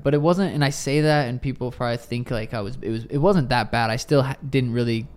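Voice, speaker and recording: A young man talks about his routine in a loose, casual way and swears often. His voice is smooth and resonant. He keeps circling back and restarting his thoughts mid-sentence. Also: medium pitch, quick pace. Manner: loose and profane, with frequent restarts. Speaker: interviewee, professional fighter. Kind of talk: casual interview conversation.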